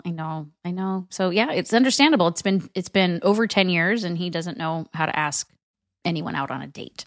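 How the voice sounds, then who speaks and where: A woman's voice: fairly low pitch, expressive, moderate pace, dry recording, studio quality. A woman podcast co-host in a casual recap chat, summarizing plot in a chatty way.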